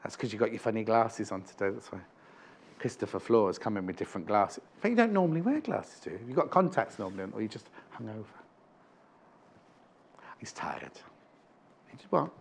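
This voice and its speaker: A man's voice: fairly low pitch, animated, quick pace, gravelly, a little hiss or hum. A man presenting live on a shopping channel, chatting and rambling between prices and correcting himself as he goes. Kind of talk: live TV selling chat. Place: TV studio.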